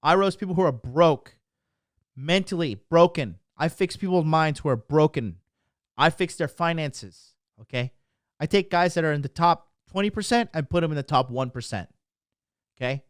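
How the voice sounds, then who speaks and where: A man's voice: fairly high pitch, expressive, normal speed, no room sound, clean studio sound. A man coaching on dating, ranting on a livestream to his chat in a brash, boastful and mocking way, punctuating points with "okay?". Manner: emphatic, keeps asking "okay?".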